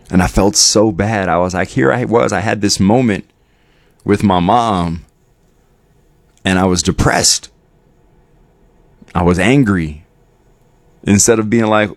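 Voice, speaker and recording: A man sharing a personal story with his viewers, halting and reflective, often repeating words. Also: deep voice, steady tone, no echo. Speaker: vlogger.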